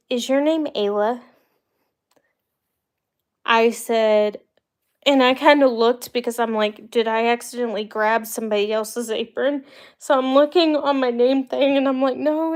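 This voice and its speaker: A woman's voice: fairly high pitch, fairly even intonation, measured pace, smooth. A young woman from the United States hosting a livestream, telling rambling personal stories in a chatty, casual way with the odd laugh. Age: young adult. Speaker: livestream host. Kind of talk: casual storytelling to live viewers.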